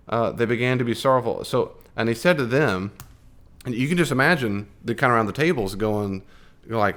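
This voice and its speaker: A man's voice: medium pitch, lively intonation, a little fast, fairly bright tone. An American man leading a classroom Bible study lesson, chatting casually, quizzing his listeners and acting out the lines he quotes. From United States. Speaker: Bible teacher.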